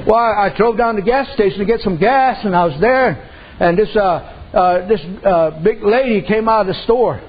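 A man's voice: high-pitched, normal speed, breathy edge. A man preaching a sermon in a folksy storytelling way, with many "amen"s and "you know"s. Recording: dull lo-fi recording with faint noise.

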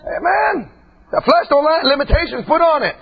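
A man preaching an impassioned sermon in a church, often breaking into shouts. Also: very high-pitched, very animated, moderate pace. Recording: dull lo-fi recording.

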